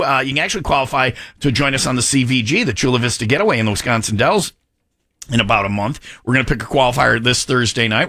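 A man, hosting a morning radio show in chatty, animated banter. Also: mid-range voice, no echo, studio quality. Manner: chatty, animated, with halting restarts. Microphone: studio microphone.

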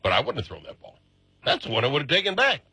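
A middle-aged man hosting casual sports talk on the radio, excitable and chatty, his voice jumping up when he gets animated. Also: medium pitch, fast, slightly rough, no room sound, low-quality recording. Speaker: radio host.

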